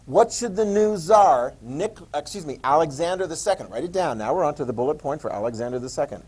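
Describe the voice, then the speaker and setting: A man teaching a history class, quizzing students with questions and joking asides in an animated lecture. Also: a little high, fairly quick, slightly rough, low-quality recording.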